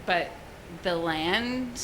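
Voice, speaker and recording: A woman's voice: on the low side, expressive, extremely slow. A woman in a casual group discussion, rambling and searching for words with many fillers. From Canada. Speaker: meeting participant. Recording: noisy room recording.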